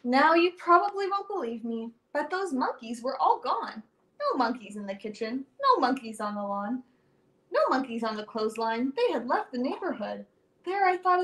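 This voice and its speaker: Animated young woman reading a storybook aloud. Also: a little high, moderate pace. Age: young adult. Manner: animated, sing-song rhyming delivery with dramatic swings. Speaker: children's storyteller. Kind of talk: reading a picture book aloud to children.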